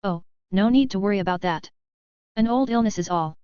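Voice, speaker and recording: A woman voicing a tired, guarded young male wizard professor in an audiobook, speaking softly. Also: medium pitch, fairly quick, clear, resonant tone, dry recording, lightly acted. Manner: guarded, tired and soft-spoken. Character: weary, gentle male wizard professor, young but ailing. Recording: dull, muffled audio.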